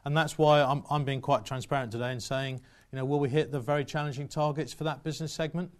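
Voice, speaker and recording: A man's voice: a little high, fairly even intonation, fast. A man, a company executive, answering analysts frankly and firmly in a results Q&A. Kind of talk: results presentation Q&A.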